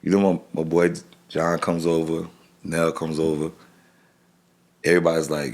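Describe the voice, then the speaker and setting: A middle-aged man telling a personal story as a podcast guest, halting and restarting his phrases and acting out what people said. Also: low-pitched, vocal fry, a little mellow, husky.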